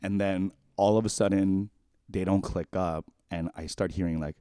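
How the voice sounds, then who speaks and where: A man's voice: low-pitched, moderate pace, smooth, no room sound, clean studio sound. A man around forty co-hosting a podcast, telling a personal story in a rambling, casual way full of "like". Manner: rambling, heavy use of "like", animated, then quiet and shaken. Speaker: podcast co-host.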